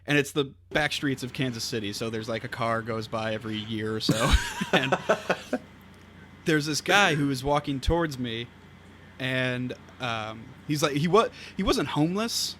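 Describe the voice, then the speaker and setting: A young man, a podcast guest, telling stories in casual chat, animated and laughing often. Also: medium pitch, moderate pace. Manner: animated storyteller, laughs through his stories. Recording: noisy background hiss.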